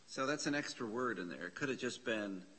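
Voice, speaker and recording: A man's voice: mid-range voice, lively intonation, a little fast, pushed and bright, slightly rough. A man teaching a classroom lesson on Bible Greek in a church classroom, patiently spelling out letters and parsing words aloud.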